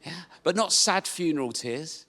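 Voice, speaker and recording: A man doing a stand-up comedy routine, telling an animated story full of swearing and acted-out shouting. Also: fairly high pitch, normal speed. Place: comedy venue stage.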